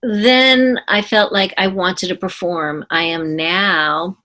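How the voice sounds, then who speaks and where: An older woman in her seventies shares her life story in an interview. Her voice sits a little low, and she talks in an earnest, reflective way. She takes her time and often stops to restart a thought. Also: fairly even intonation, sharp tone. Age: 70s. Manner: earnest, unhurried, with pauses and restarts. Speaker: guest, former ballerina.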